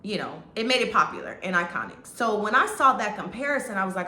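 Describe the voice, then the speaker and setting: A woman's voice: medium pitch, very animated, fast, hardly any pauses, sharp tone, a little hiss or hum. A woman chatting through a movie review in a casual, rambling way, full of restarts and fillers. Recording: echoey room.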